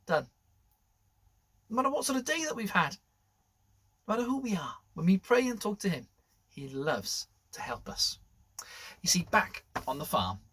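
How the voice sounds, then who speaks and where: A man presenting a school assembly, telling a story to children in an animated way that drops to whispers. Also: high voice, breathy edge.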